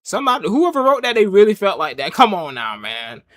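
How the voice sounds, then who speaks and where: Animated, joking male wrestling reviewer. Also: high voice, brisk, no echo, studio quality. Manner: loose, joking rants with frequent laughs. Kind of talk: casual watch-along commentary.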